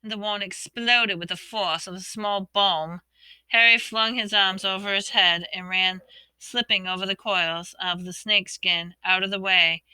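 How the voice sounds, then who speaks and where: A woman reading a storybook aloud, expressively voicing the characters' shouts and whispers. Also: mid-range voice, clear, resonant tone, no echo. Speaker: audiobook reader.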